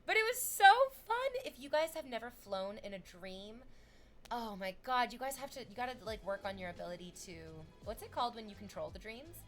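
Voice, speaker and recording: A young woman streamer chatting casually with viewers, animated and swearing freely, her voice leaping up in excited bursts. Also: medium pitch, brisk, faint music behind.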